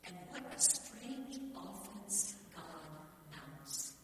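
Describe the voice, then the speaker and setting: A woman preaching a sermon in a church, measured and emphatic, pausing deliberately between phrases. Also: medium pitch, expressive, slight background noise. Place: large church. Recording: echoey hall from far off.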